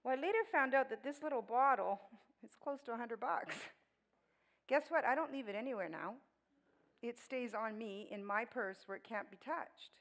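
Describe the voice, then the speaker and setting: Animated woman speaker telling a story. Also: a little high, moderate pace, poor audio. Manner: animated storytelling with laughs and voiced quotes. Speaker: guest speaker. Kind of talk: storytelling church talk.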